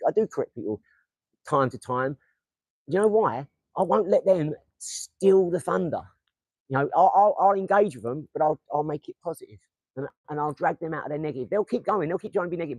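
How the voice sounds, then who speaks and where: On a casual motivational livestream, a young Essex-accented host from England rambles, swears and throws darts while talking to viewers. He has a slightly high, slightly mellow voice, heard on a rough recording with no echo.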